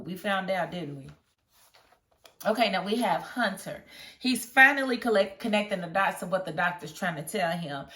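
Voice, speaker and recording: A woman casually reviewing a TV episode, chatty and animated, often breaking into laughter as she retells scenes. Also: lowish voice, distant mic. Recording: roomy echo.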